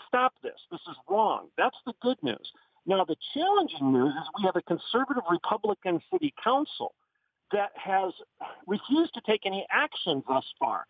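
A man's voice: high-pitched, breathy edge, dry recording. A man from Oklahoma, a guest on a radio talk show, speaking in an impassioned, emphatic way over the phone. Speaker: guest commentator. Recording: tinny phone line.

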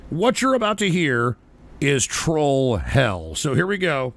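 A man's voice: mid-range voice, big pitch swings, normal speed, a bit bright. A man hosting a call-in show, swearing and ranting at trolls while taking shots on air. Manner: rowdy, swearing, mock-rants at trolls. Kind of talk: profane call-in show banter.

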